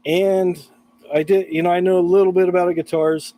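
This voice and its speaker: A man's voice: high voice, little pitch movement, moderate pace, dark tone, rough recording. A man chatting casually on a live stream about guitar repair, laughing often and reading out chat messages.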